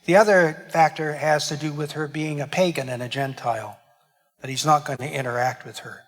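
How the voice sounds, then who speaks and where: A man's voice: fairly high pitch, fairly even intonation, fairly quick, long reverb tail. A man, a parish priest, preaching a homily and explaining Greek words with dramatic emphasis. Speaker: pastor. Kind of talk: sermon. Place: church.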